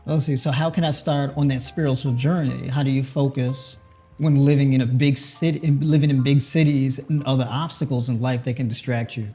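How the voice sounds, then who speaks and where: A man's voice: mid-range voice, steady tone, fairly quick, mellow, husky, soft background music. A man with a New York accent, a nutritionist host, chatting casually while he cooks and adds lots of "right?" and "you know". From New York City. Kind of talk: casual cooking talk.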